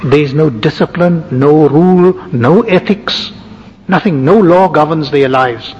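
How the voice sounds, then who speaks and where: A man's voice: on the high side, a little mellow, husky. A man giving a sermon as a religious teacher, lecturing point by point with frequent asides. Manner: measured lecturing with lists and asides. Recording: lo-fi with long hall reverb.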